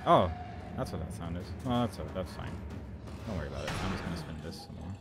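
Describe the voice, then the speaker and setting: A man's voice: deep voice, lively intonation, fast talker, very noisy. A man casually commenting on a horror game as he plays, rambling and amused, talking back at the characters. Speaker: let's play commentator.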